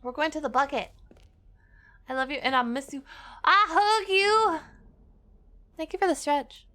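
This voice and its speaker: High-voiced playful woman streamer, chatty, greets viewers, sudden squeals. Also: steady tone, fairly quick, fairly bright tone. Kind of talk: casual livestream chat.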